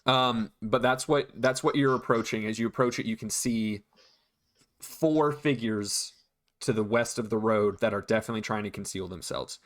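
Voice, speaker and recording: A man narrating as game master of a tabletop game, describing scenes with frequent pauses and restarts. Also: lowish voice, a bit bright.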